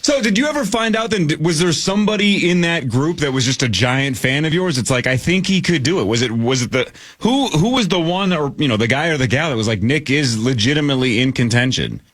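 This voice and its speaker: A man's voice: on the high side, expressive, brisk, hardly any pauses, a bit bright. A man hosting a talk radio show, asking curious, eager questions in casual chat.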